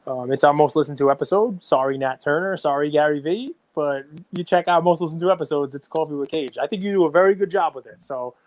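A middle-aged man co-hosting a casual podcast, excitable and rambling. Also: fairly high pitch, fast, hardly any pauses, dry recording. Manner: excitable, rambling, self-described runaway train. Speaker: podcast co-host.

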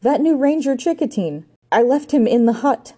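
A woman voicing an excitable male park ranger who talks in an eager, flustered way. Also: fairly high pitch, moderate pace, voice pushed up.

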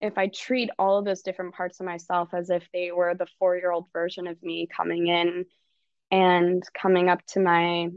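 A woman's voice: on the low side, flat delivery, normal speed, clear, resonant tone, no room sound, dull audio. A woman coach talking casually, swearing freely and acting out her own inner dialogue in quoted bits. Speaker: coach and guest. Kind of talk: casual podcast conversation.

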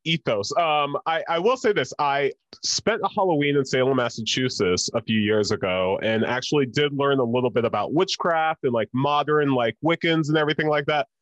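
A man's voice: medium pitch, normal speed, a bit bright, no echo, lo-fi sound. A young adult man co-hosting a podcast, chatting casually with blunt, opinionated jokes. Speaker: podcast co-host. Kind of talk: casual rewatch podcast chat.

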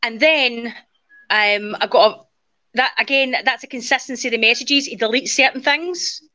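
With a slightly high voice at normal speed, a woman in her forties recounts a personal story as an interview guest, animatedly performing the dialogue as she goes. The recording is dull and lo-fi.

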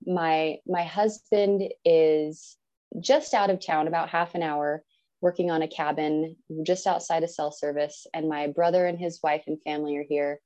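Earnest woman with a mellow low voice. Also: moderate pace, lo-fi sound. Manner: earnest, animated, acts out quoted speech. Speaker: podcast guest. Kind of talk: personal storytelling.

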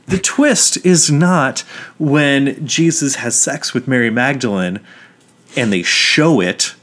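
A man co-hosting a casual podcast, telling movie stories with energy, swearing freely and acting out quotes. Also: medium pitch. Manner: animated storytelling, swears freely, acts out quotes. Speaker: podcast co-host.

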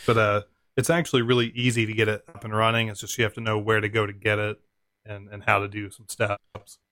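A man's voice: lowish voice, little pitch movement, fast, pushed and bright, no echo. A man co-hosting a casual podcast, easygoing and laughing often while explaining technical setup steps. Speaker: podcast co-host.

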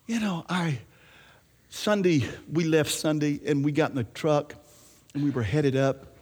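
Animated male pastor preaching in a hall. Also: a little high, measured pace, breathy edge. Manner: animated preaching, swings from hushed asides to raised emphatic lines. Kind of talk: sermon. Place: church.

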